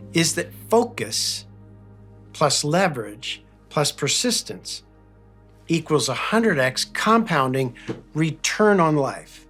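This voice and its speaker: A man's voice: on the high side, fairly bright tone. A man from Philadelphia giving an earnest motivational talk, telling a personal story and stressing his key phrases. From Philadelphia, United States. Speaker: speaker.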